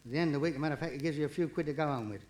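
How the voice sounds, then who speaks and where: A man doing live stand-up comedy, cheeky and quick, with jokes that rise into punchlines. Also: fairly high pitch, darkish tone. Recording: vinyl live recording, audience laughter, distant.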